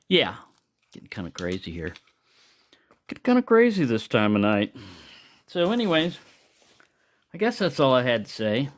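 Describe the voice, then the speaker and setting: A man's voice: mid-range voice, huge pitch swings, normal speed, pauses often. A man hosting his own channel, talking in a loose, meandering way in a casual monologue. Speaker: knife collector and channel host.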